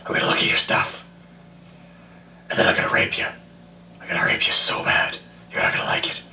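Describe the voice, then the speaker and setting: A tipsy man voicing a creepy, unhinged male fox who flips between a squeaky sing-song voice and breathy, husky threats. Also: a little fast, bright, forceful tone, far from the mic, a little hiss or hum. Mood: breathy menace.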